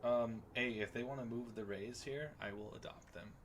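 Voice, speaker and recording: A young man co-hosting a sports podcast live stream, chatting eagerly about his teams in quick casual banter. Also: medium pitch, steady tone, background noise. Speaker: podcast co-host.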